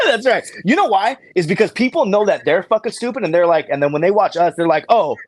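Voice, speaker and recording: A man talks fast, and his pitch swings widely while he pitches comic books on a live stream. He laughs easily and swears in passing. His voice sits a little high. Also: expressive. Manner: laughs often, swears casually. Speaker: comic book claim sale host. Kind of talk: casual live-stream banter and sales.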